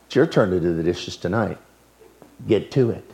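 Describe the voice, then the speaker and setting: A man's voice: low-pitched, expressive, normal speed, gravelly, warm tone, pitched below the performer's own voice. A man voicing a stern father who lays down the law in firm, clipped commands.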